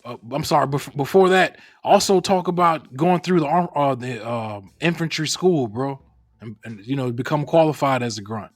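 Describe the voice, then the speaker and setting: A man's voice: mid-range voice, normal speed. Easygoing male podcast host. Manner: casual, slangy, loose questions. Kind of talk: casual interview.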